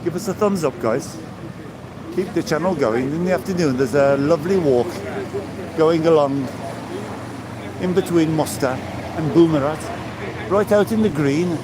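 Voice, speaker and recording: Crowd noise fills the background as an Englishman in his sixties walks a seaside promenade, live-streaming and greeting his viewers by name in casual chat. His voice sits on the high side, at a moderate pace with long pauses.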